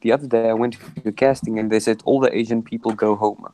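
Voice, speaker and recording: A man's voice: fairly low pitch, fairly even intonation, quick pace, mellow, rough recording. A man chatting casually on a video call, telling a long story with many restarts. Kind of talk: casual chat.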